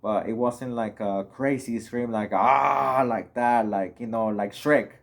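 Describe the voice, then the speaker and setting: A man's voice: fairly low pitch, fairly even intonation, unhurried, darkish tone. A young man from Mexico casually telling a personal story on his vlog, rambling and full of filler words. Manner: rambling, heavy on "you know" and "like" fillers. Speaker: vlogger.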